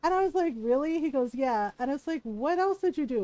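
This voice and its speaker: High pitched streamer lady telling a story, laughing a lot, super dry close sound. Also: a little fast, no echo. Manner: animated, laughs often, acts out quoted voices. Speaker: game streamer. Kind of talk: casual storytelling chat.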